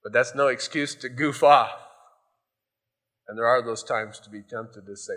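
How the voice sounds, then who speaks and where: A man's voice: mid-range voice, measured pace, long pauses, a bit bright. A male pastor giving a sermon in a loose, conversational storytelling way, often adding "you know".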